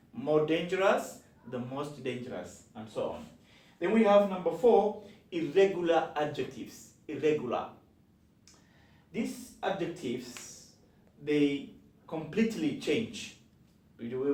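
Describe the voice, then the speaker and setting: A man teaching an English grammar lesson, slowly spelling out words and repeating each form. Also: a little high, distant mic. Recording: echoey room, from the mic.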